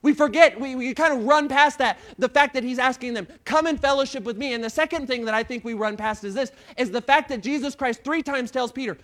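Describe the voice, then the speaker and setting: A high-pitched man preaching a sermon with a lilt. He drops to near-whispers in one stretch and builds to forceful peaks in the next. He stumbles over words and repeats himself as he goes. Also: brisk, hardly any pauses. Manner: dramatic retelling, swings from hushed to loud; repeats words and restarts often. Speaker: pastor.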